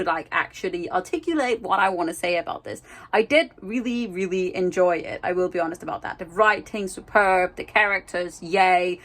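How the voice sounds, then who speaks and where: A woman's voice: medium pitch, a bit bright, rough recording. A young woman in a casual reading vlog, talking chattily and with self-mocking humor from home into a handheld camera. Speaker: book vlogger.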